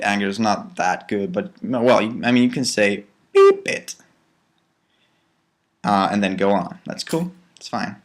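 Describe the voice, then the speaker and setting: A man hosting a casual spiritual talk, animated, swinging from loud bursts to soft near-whispers. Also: on the low side.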